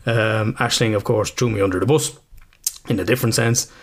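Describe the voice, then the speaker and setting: A man's voice: lowish voice, fairly even intonation, a little fast. A man with an Irish accent, co-hosting a casual podcast chat, rambling, swearing freely and laughing at himself. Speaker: podcast co-host.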